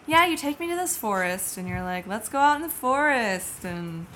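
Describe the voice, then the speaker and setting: A woman's voice: fairly high pitch, lively intonation, moderate pace, bright, forceful tone, slight background noise. A young woman improvising a guarded, blunt young witch on an awkward date, in a dry, wary manner. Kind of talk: improvised comedy scene.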